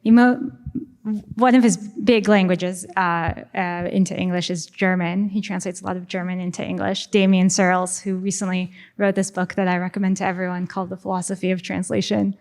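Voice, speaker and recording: A young woman on a panel discussing translation, speaking thoughtfully and haltingly, pausing and restarting as she works through ideas. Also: on the low side, little pitch movement, darkish tone.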